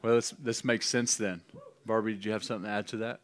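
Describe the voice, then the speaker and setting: A man pastor preaching in a loose, conversational way to his church family, with halting restarts and light laughs. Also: fairly low pitch, fairly even intonation. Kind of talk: informal charismatic preaching and prophecy. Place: church gathering.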